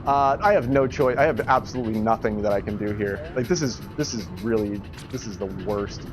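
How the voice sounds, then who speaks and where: A man streaming an online golf game live, commenting excitedly, laughing often, swearing and scolding himself over his shots. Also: on the low side, music in the background. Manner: excitable, swearing, quick to laugh and self-critical.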